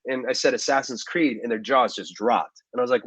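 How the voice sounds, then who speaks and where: A man, an actor as interview guest, telling stories in a relaxed way with many fillers and asides. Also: medium pitch, fast, hardly any pauses, dry recording, lo-fi sound. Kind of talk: casual interview storytelling.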